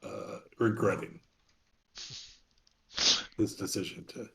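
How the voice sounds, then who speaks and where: A man's voice: on the low side, lively intonation, takes it slowly, creaky, slight background noise. A man playing in a tabletop game, talking casually and hesitantly with many fillers. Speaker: player.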